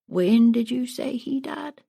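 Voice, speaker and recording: A woman reading a storybook, voicing a scheming old male con man who poses as a king and speaks slowly and with false piety. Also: fairly high pitch, lively intonation, warm tone, pitched above the performer's own voice, heavily acted. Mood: slow, oily. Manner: slow, smooth, falsely pious talk.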